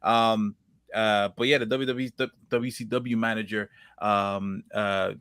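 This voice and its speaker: A man's voice: on the low side, steady tone, measured pace, fairly bright tone, clear, resonant tone, no room sound, clean studio sound. A man co-hosting a casual wrestling podcast, rambling with lots of fillers and restarts and greeting viewers in the comments. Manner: reads viewer comments aloud. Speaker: podcast co-host.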